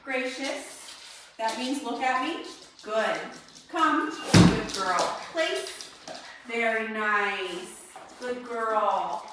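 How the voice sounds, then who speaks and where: Drawing out her words and pausing often, a woman dog trainer with a voice on the high side calmly explains drills and gives a dog short, crisp commands in an indoor instructional demo. Heavy background noise fills the recording, which is very echoey with her voice far from the mic.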